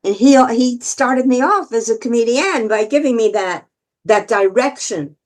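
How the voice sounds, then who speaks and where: An older woman entertainer telling stories as a guest, lively and theatrical, often laughing. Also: fairly high pitch, normal speed. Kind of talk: storytelling interview.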